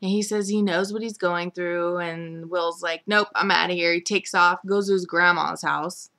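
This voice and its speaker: A woman's voice: fairly low pitch, fairly even intonation, a little slow, sharp tone. A woman casually recapping a week of a soap opera, rambling with lots of "like" and "um". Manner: rambling, filler-heavy with frequent "like" and "um".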